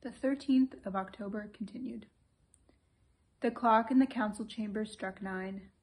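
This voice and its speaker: A woman reading a classic novel aloud in steady, clear scripted narration. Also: medium pitch, measured pace. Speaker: audiobook reader.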